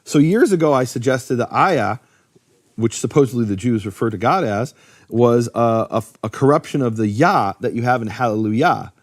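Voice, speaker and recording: A man explaining at length in a relaxed, conversational way, often restarting his sentences and filling pauses with "um" and "uh". His pitch sits in a middling range. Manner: lively, many fillers and restarts. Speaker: Bible teacher. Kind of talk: casual explanatory talk.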